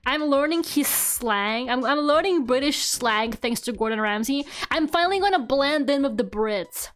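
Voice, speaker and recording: This young woman streams as a VTuber, with a high, animated, fairly bright voice at a moderate pace. Her casual livestream chatter is sprinkled with giggles and the occasional swear, over quiet game music.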